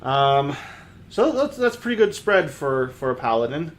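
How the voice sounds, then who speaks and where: A man's voice: medium pitch, sing-song, unhurried. A man hosting a casual tabletop character-building show, reading out dice rolls in an easygoing way. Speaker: podcast host, character builder.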